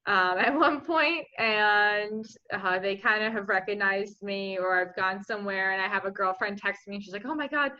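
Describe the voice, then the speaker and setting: A woman's voice: medium pitch, steady tone, moderate pace, few pauses, bright, forceful tone, lo-fi sound. A young woman guest in a casual interview, chatty and filler-heavy. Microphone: remote home mic.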